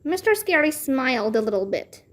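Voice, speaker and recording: A woman narrating a children's chapter book aloud in a clear storytelling manner. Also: high-pitched, big pitch swings, normal speed.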